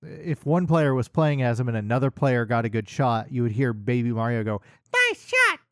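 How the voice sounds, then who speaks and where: A man's voice: medium pitch, fairly even intonation, fairly quick, darkish tone, no room sound, studio quality. A man co-hosting a casual podcast, explaining details in a matter-of-fact way. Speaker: podcast co-host. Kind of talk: casual chat.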